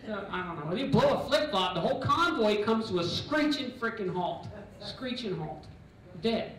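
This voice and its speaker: A middle-aged man doing a stand-up comedy set on a club stage, loud and bantering as he acts out characters. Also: high-pitched, expressive, moderate pace, distant mic. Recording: echoey club recording from afar. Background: audience laughter.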